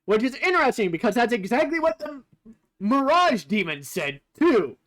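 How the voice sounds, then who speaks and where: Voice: medium pitch, big pitch swings, normal speed, fairly bright tone. A streamer casually commenting over gameplay while comparing translations, thinking aloud with fillers and the odd swear word.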